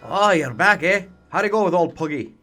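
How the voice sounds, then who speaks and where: A folksy Scottish man from a video game, brusque and chummy, the kind who calls you laddie while scolding you, as a man puts him on. The imitated Scottish accent sits a bit higher and louder than an ordinary voice. Faint game music plays under it. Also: moderate pace. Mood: gruff. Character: gruff folksy Scottish man, blunt and teasing. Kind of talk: reading game dialogue aloud in a put-on voice.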